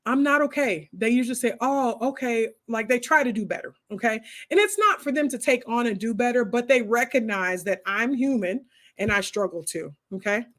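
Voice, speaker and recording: A woman's voice: fairly high pitch, brisk. A woman, hosting a casual homeschooling chat and talking straight to her viewers with lots of asides. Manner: animated, talks straight to viewers with many asides. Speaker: homeschooling host answering viewer comments.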